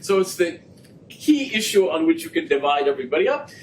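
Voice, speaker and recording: A middle-aged man with a high voice gives a lively public lecture, telling jokes and acting out little scenes. He is picked up from a distance, and a faint low rumble runs under his voice. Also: a little fast. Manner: animated, joking storyteller. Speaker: guest lecturer. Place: lecture room.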